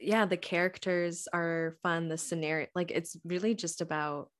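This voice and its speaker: A woman's voice: fairly low pitch, steady tone, moderate pace. A woman voice actor chatting as a guest, giggly and bubbly, saying "like" a lot. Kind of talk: casual interview chat.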